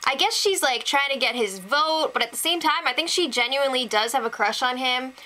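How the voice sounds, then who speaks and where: High, bright, giggly woman co-host. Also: brisk. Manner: playful, giggly, expressive. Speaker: co-host of a TV recap show. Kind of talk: casual recap chat.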